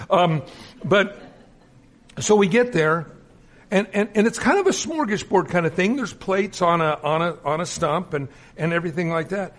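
A man's voice: sits high, moderate pace. A middle-aged male minister preaching a sermon, telling stories and acting out the quotes in them. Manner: animated storytelling with acted-out quotes.

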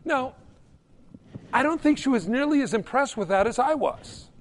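A man preaching a sermon in an emphatic way, swinging between loud peaks and hushed, quiet drops. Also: extremely high pitch, animated, moderate pace, in a large hall.

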